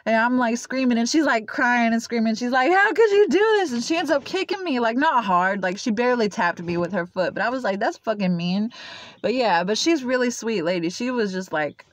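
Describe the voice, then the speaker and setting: A woman's voice: on the high side, expressive, a little fast, few pauses, no room sound. A young woman telling her own story to camera in a loose, rambling way, full of "like" and "uh". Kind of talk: casual personal storytelling to camera. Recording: dull lo-fi, dry sound.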